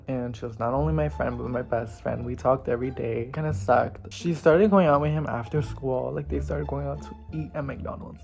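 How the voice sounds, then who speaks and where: A man's voice: mid-range voice, gravelly, darkish tone. A man telling a casual storytime, chatty and full of "like", acting out what others said. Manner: chatty, lots of "like", acts out quotes. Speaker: vlogger. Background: faint background music.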